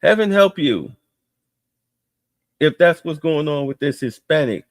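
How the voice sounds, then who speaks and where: A man's voice: fairly high pitch, expressive, unhurried, no echo, clean studio sound. A man streaming heated, profane political commentary with a mocking edge.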